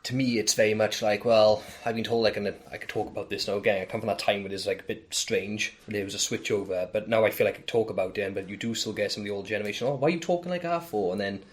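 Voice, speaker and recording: UK man on a podcast panel, quick and candid, speaking from personal experience. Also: fairly low pitch, little pitch movement. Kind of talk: casual panel discussion.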